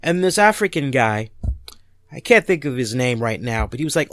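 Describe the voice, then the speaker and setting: A man hosting a podcast, telling stories in a casual, animated way, swearing freely and repeating words as he goes. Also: fairly high pitch, fairly quick, no room sound, studio quality. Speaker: podcast host. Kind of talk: casual storytelling rant.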